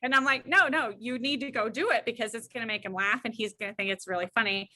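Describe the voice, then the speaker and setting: A woman's voice: fairly high pitch, fast. A middle-aged woman, a guest counselor, telling an anecdote and acting out the voices in it. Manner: lively, acts out the voices in her stories. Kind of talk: anecdotal storytelling.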